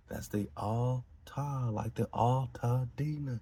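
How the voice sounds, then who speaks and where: A podcast host reads out esoteric lore and riffs on it in an emphatic, preachy way, laughing between lines. His mid-range voice is slow and dark, with a breathy edge.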